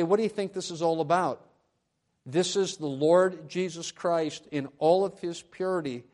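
A man preaching a sermon at a church lectern, moving between quiet conversational asides and loud, emphatic proclamations. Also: fairly high pitch. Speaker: pastor.

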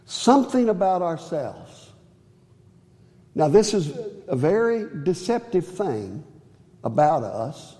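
A man preaching a sermon in a church, earnest, swinging from high emphatic phrases to low quiet ones. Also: sing-song, takes it slowly, in a large hall. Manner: earnest, rises high on key phrases and drops low on others.

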